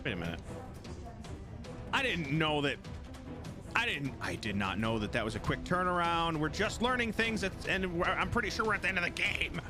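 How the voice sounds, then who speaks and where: A man casually commenting live while playing a game, chatty and excitable, swearing and talking back to the characters. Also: fairly high pitch, moderate pace. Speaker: streamer. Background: game music.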